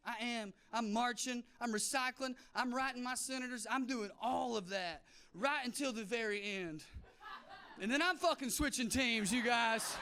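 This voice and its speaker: Bright-voiced Southern comedian on stage. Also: male voice, extremely high pitch, slight background noise. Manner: brash, punchy, mock-shouting crowd work. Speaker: stand-up comedian. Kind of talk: stand-up comedy set. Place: comedy stage before a live audience.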